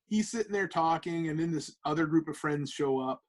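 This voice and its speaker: A man, a comic book artist guest, telling stories in casual podcast chat with animated, stammering restarts. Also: fairly high pitch, fairly quick, rough recording.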